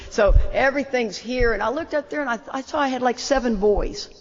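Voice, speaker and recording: An older woman, an animated and self-deprecating storyteller, telling a long personal story as the opening speaker of a talk. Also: a little high, fairly quick. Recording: muffled roomy hall.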